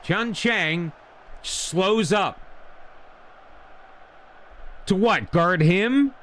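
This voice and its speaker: A man's voice: sits high, extremely slow, a bit bright. A man commenting casually on his own game as he plays, getting frustrated and talking back to it. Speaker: gaming channel host.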